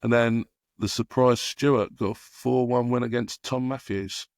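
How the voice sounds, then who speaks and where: Gravelly-voiced man chatting about darts. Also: mid-range voice, steady tone, measured pace, a little mellow, no echo, clean studio sound. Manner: easygoing, stumbles over names, self-deprecating. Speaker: co-host of a darts podcast. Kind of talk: casual chat.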